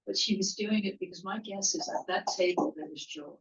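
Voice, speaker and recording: A woman speaking up in a small group discussion, thoughtful and a little halting. Her voice has a gravelly, creaky edge. The recording is dull and lo-fi. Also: mid-range voice. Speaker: study group member. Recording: dull lo-fi sound.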